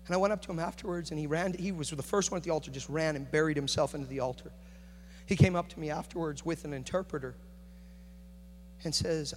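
A man preaching a sermon, moving between quiet, confiding talk and loud, rising passion. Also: on the high side, a little fast. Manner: builds from hushed to shouting intensity. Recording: echoey hall with faint hum.

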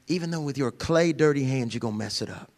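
A middle-aged man preaching a sermon in a church, animated and humorous, jumping from shouts to hushed whispers and acting out voices. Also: mid-range voice, fast, big-room sound. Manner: acts out quoted voices with humor. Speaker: pastor. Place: church sanctuary.

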